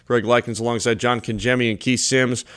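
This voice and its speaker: A man hosting a radio postgame football show, reading scores and stats in a brisk broadcaster's delivery. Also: medium pitch, level tone, fairly bright tone, clean tone. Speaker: play-by-play host.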